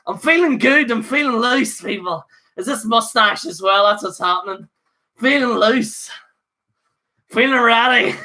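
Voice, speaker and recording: A man's voice: high voice, sharp tone. A man hosting his own livestream, rambling in a fired-up, jokey rant. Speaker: livestream host.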